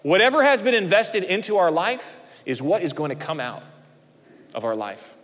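A male pastor preaching a sermon, swinging his emphasis up and dropping low at the ends of phrases. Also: very animated, moderate pace, a bit bright, big-room sound.

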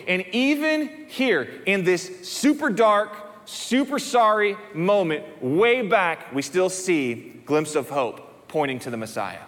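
A male pastor preaching a sermon, dropping to hushed low emphasis and then rising high and excited when he reads dialogue aloud. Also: measured pace. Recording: reverberant church hall.

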